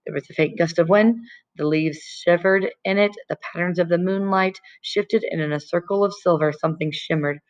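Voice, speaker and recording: Lady reading a kids' book out loud, calm and even, kinda muffled lo-fi sound. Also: on the low side, moderate pace. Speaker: audiobook reader. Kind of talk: scripted narration.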